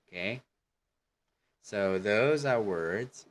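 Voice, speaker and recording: A man teaching an online English lesson, explaining deliberately and often checking in with "okay?". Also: low-pitched, fairly bright tone, a little hiss or hum.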